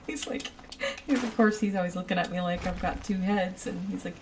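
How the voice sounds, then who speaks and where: A woman streams a building game, rambling and giggling as she chats with her viewers. Her fairly low voice moves at a measured pace, picked up by a distant mic with background noise.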